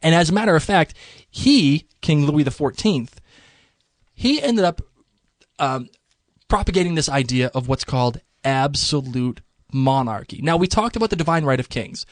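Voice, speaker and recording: Guy on a podcast walking through history, kinda high voice, dry close mic, loose and jokey. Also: moderate pace, no room sound. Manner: chatty, lively, slips into mock voices for laughs. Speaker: podcast co-host. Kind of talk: casual history explainer.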